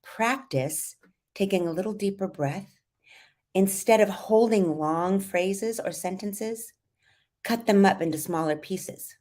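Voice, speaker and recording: A middle-aged woman with a trained voice, a voice and confidence coach giving lively, demonstrative live tips. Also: medium pitch, slow pace. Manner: lively, demonstrative, exaggerates vocal fry and sung phrases to teach.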